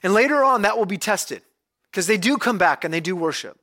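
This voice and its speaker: A male pastor giving a conversational, animated sermon, retelling scripture as a story. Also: high-pitched, a little fast.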